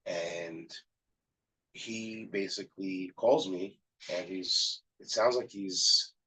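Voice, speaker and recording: A man with a low, husky voice tells a story from his work at a yeshiva. He shares it in relaxed conversation and slips into the voices of the people he quotes, so the telling stays lively. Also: takes it slowly, rough recording. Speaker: yeshiva staff member.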